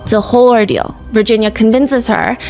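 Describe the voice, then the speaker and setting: A woman's voice: fairly high pitch, sing-song, fairly quick, a little mellow, soft background music. A woman hosting a podcast, telling a true-crime story in a casual, chatty way with fillers and side remarks. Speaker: podcast host.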